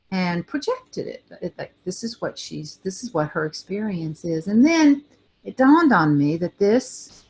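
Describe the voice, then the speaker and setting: An older woman co-hosting a talk show, telling a personal story in a thoughtful way with pauses and restarts. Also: on the low side. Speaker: co-host.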